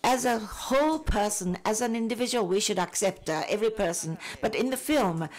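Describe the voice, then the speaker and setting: Woman interpreting in halting phrases. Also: mid-range voice, lively intonation, darkish tone.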